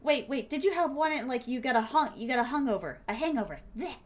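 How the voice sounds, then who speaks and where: A woman's voice: high voice, lively intonation, quick pace. A young adult woman streaming a game, chatting casually with viewers in a bubbly, giggly way, full of fillers and sudden squeals, calling her audience pet names. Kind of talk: casual chat while gaming.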